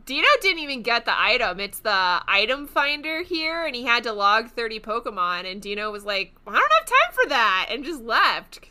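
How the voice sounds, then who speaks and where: A woman's voice: fairly high pitch, expressive, normal speed, hardly any pauses, bright, forceful tone. A woman co-hosting a casual podcast, recapping a game playthrough in a chatty way with dry, wry asides. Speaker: podcast co-host.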